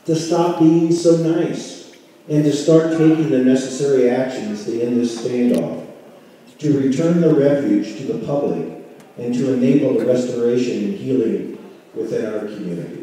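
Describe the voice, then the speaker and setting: A man at a community meeting, reading a prepared statement in a measured, deliberate way. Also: mid-range voice, warm tone, slight background noise. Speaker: local resident speaking at a community meeting. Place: large community meeting hall. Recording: echoey hall recorded from far off.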